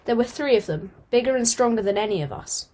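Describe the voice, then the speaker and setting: A woman's voice: on the high side, expressive, fast, darkish tone, slight background noise, natural voice. A restless young tomcat from a storybook, played by a woman, speaking earnestly and a little hastily. His tone is firm and determined, set on a new life. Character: restless young male house cat longing for the wild.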